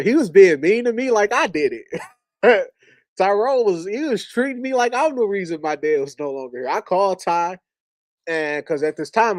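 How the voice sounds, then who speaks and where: A podcast guest with a fairly high voice tells a personal story in an earnest, conversational, emotional way. He's recorded on a podcast studio mic with no room sound.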